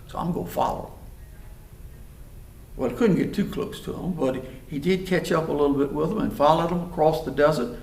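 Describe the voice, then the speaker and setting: A man telling a story in a folksy, animated way. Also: on the high side, a little fast, hardly any pauses. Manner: animated, folksy, acts out voices. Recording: roomy hall, mic far off.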